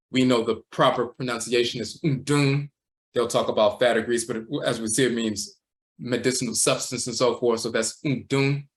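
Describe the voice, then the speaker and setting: Man, livestream lecturer, measured delivery, repeats terms, says "and so forth" often. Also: medium pitch. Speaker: teacher of a spiritual tradition.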